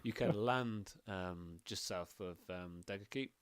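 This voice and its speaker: A man's voice: deep voice, a little slow. A man narrating as game master, rambling with many fillers.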